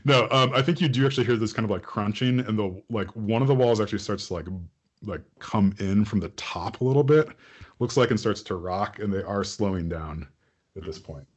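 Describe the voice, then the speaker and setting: Low-voiced man running a tabletop game. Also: a little fast, breathy edge. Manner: loose, rambling descriptions full of fillers. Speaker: game master.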